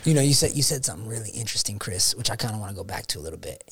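A man's voice: lowish voice, lively intonation, racing, fairly bright tone. Reflective male podcast host. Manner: reflective, builds points step by step. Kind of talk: conversational interview.

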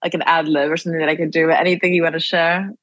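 A woman podcast host chatting over a video call, bubbly and talkative, laughing often and rushing into quick bursts. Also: low-pitched, flat delivery, a bit bright, dry recording, highs cut off. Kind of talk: casual interview chat.

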